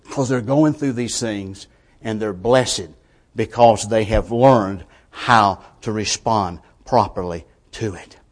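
A male preacher with a lowish voice delivers a sermon built on rhetorical questions. He moves between quiet, measured lines and moments of forceful emphasis.

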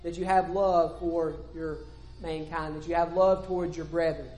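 A man's voice: on the high side, little pitch movement, moderate pace, darkish tone, echoey room, poor audio. A male preacher delivering a sermon, reading scripture aloud and repeating key phrases for emphasis.

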